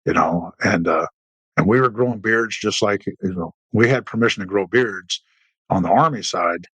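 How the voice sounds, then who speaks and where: This guest is a middle-aged veteran with a fairly bright, slightly rough voice, speaking at a moderate pace in a casual interview. He tells rambling war anecdotes with many restarts and fillers, and quoted dialogue gets acted out in a raised pitch. The recording sounds dry and rough.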